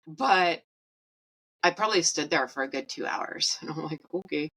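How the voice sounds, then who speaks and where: A woman's voice: low-pitched, expressive, moderate pace, fairly bright tone, husky, poor audio. A woman in her thirties hosting a podcast, telling a personal story in a blunt, profane, casual way and laughing at her own jokes. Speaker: podcast host.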